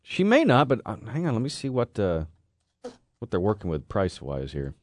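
A man co-hosting a radio show, chatty and quick to argue back, with lots of fillers. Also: lowish voice, huge pitch swings, no echo, clean studio sound. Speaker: radio co-host. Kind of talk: call-in radio chat.

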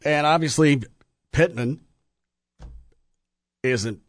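A man's voice: on the high side, extremely slow, no room sound. A middle-aged man hosting a radio show from the studio, telling joking stories in casual chat. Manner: animated, joking storyteller.

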